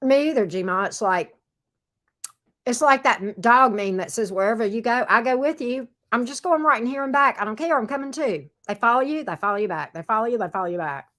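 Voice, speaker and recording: A woman in middle age hosts a relaxed livestream from her home office. She chats easily with viewers and answers their comments one by one. Her pitch swings up and down a lot as she talks. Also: a little fast. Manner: chatty, reads out and answers viewer comments, coos at her dog. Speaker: tarot reader and livestream host. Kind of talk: casual livestream chat with viewers.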